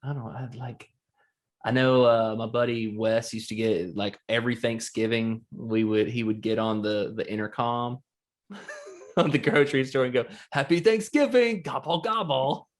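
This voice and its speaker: A man's voice: on the low side, flat delivery, moderate pace. A man co-hosting a podcast, talking casually in a rambling way and laughing through his stories. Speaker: podcast co-host. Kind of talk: casual chat.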